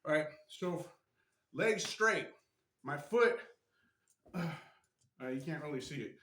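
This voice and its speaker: A man's voice: a little high, expressive, slow pace, a bit bright. A man casually demonstrating stretches to a camera, chatty and a bit strained from the effort, tagging lines with "right?". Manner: chatty, repeats "right?" often. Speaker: martial arts instructor. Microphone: camera mic. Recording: echoey room.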